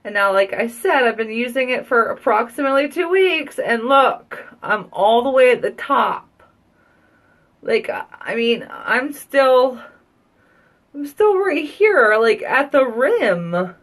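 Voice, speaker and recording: Slow-talking chatty woman reviewing beauty products. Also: fairly high pitch, lively intonation, a bit bright. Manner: chatty, rambling, gushing. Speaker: beauty vlogger and mother. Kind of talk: casual live product review. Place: at home, children heard downstairs.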